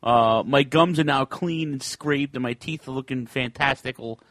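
A man's voice: medium pitch, normal speed, fairly bright tone, dry recording. A man in his forties hosting an internet radio talk show, telling chatty stories and acting out the other people in them. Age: 40s. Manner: chatty storyteller, acts out other people's lines. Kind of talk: casual podcast chat.

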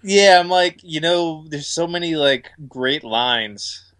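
Man, co-host, casual chat, chatty, slightly high pitch. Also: expressive, takes it slowly, a bit bright. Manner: chatty, corrects and adds details, laughs easily. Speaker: podcast co-host.

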